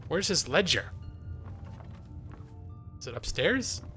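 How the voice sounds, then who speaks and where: A man's voice: a little high, big pitch swings, slow, bright, forceful tone, faint music behind. Jokey, giggly man streaming a game. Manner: jokey, giggly, self-mocking. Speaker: gaming streamer and lawyer. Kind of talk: casual live-stream commentary.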